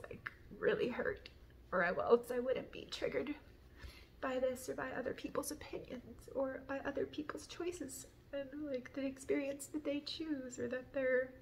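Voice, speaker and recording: A woman hosting a spiritual talk, musing aloud in a meandering way, full of fillers, often trailing into soft whispers. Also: sits high, slight background noise. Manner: reads an apology mantra in a lifted, earnest voice. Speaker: spiritual podcast host. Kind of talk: reflective personal monologue.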